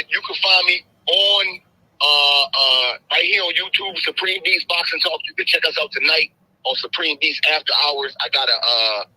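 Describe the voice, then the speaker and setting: A man's voice: fairly high pitch, pushed and bright, breathy edge, low-quality recording. A man calling in as a guest to a live stream, speaking in a laid-back, friendly way with slang. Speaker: guest, boxing channel host. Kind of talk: casual chat.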